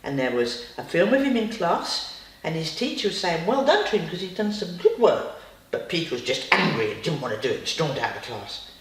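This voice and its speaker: Lively woman telling a bedtime story. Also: low-pitched, brisk. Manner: lively, chatty asides to the child. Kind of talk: bedtime story told to a child. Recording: roomy, distant.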